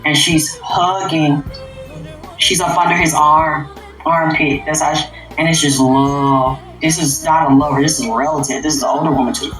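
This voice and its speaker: A low-pitched woman is ranting on a livestream, profane and emphatic. She drops into low mutters and then bursts out loud. Her voice bounces around an echoey room while faint music plays underneath. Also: fairly even intonation, moderate pace. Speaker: livestream host. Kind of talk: unscripted livestream rant.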